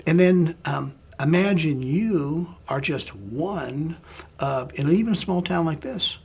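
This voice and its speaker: A man's voice: a little high, animated, takes it slowly, creaky, a little mellow, breathy edge, highs cut off. Man telling a long step-by-step story. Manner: walks through a long hypothetical scenario, often tagging "right?". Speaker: interviewee, business founder. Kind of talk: relaxed interview storytelling.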